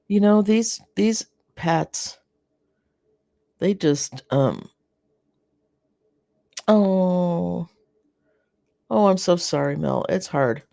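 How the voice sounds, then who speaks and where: A North American host chats slowly through a live garden stream, with a gravelly, creaky edge to the voice. The talk rambles and stalls on fillers and restarts, warm-hearted toward viewers writing in. The sound is close and dry, with no room around it. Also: medium pitch, no echo. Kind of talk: casual live-stream chat reading viewer comments.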